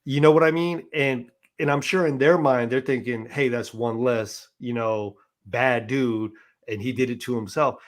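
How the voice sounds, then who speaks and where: A man's voice: medium pitch, steady tone, normal speed. Man telling stories casually, with frequent restarts. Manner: conversational, frequent "right?" tags and restarts. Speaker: interview guest. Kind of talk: casual storytelling interview.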